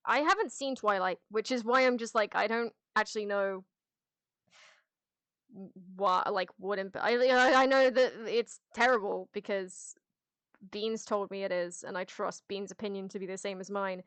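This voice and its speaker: Here a woman's mid-range voice sounds a bit bright, clear and resonant, moving at a moderate pace with no room sound. She answers her chat over a headset in a relaxed livestream, talking in a candid, rambling way, frequently restarting and sometimes swearing.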